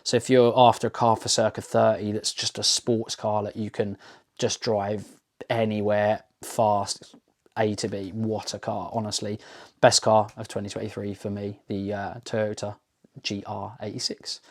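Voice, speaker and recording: A man's voice: lowish voice, flat delivery, normal speed. A man hosting a car review channel, talking to camera in a casual, enthusiastic, rambling way with lots of ums and restarts. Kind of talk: casual unscripted talk to camera.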